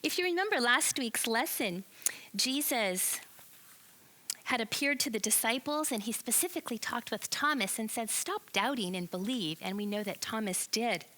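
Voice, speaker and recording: A woman teaching a children's Bible lesson, telling the story in an animated way and asking the listeners questions. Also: fairly high pitch, normal speed, rough recording.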